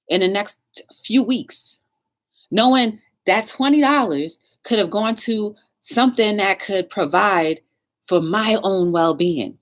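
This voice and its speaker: Chatty woman hosting a livestream. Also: medium pitch. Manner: chatty, animated, talks straight to viewers. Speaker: talk show host. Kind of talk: casual livestream storytelling.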